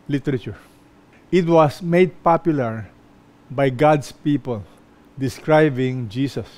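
A male pastor giving a sermon in an emphatic way, pausing often and repeating phrases for stress. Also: fairly high pitch, darkish tone. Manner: slow, emphatic preaching with pauses and repeated phrases.

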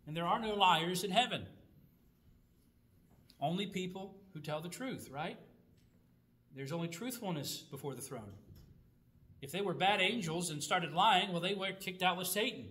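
A man with a fairly high voice teaches a Bible study. He talks conversationally, tosses rhetorical questions to his listeners and reads scripture passages aloud. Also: lively intonation, moderate pace, pauses often, pushed and bright.

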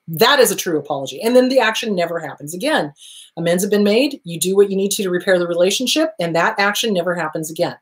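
A woman's voice: on the low side, lively intonation, quick pace. A woman therapist hosting her own show, answering viewer questions in a casual monologue, stressing points by repeating them. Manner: emphatic, repeats key phrases for stress.

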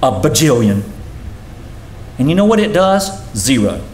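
A man's voice: very animated, a little slow, a little mellow. A man preaching a sermon as a pastor. His voice climbs and falls sharply as he preaches. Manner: preaching with sudden rises and drops in pitch. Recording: echoey room sound with faint noise.

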